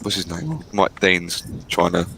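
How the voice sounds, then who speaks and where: Bright-voiced man bantering. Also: deep voice, lively intonation, unhurried, creaky, a little hiss or hum, low-quality recording. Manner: jokey, mock commentary and banter. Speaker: fan channel co-host. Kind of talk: live match watchalong chat.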